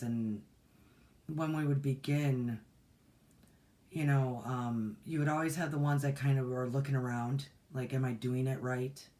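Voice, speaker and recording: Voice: mid-range voice, darkish tone. A host in their forties chats on a livestream about meditation and spiritual practice. The delivery is folksy and rambling, full of restarts and asides to viewers. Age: 40s. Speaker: meditation teacher and channel host. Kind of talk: casual livestream talk.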